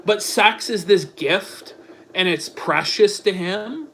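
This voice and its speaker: A man's voice: sits high, takes it slowly, a bit bright, slight background noise. A man hosting a commentary show, mocking read-out texts in a crude, sarcastic, profane way. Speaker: commentary channel host.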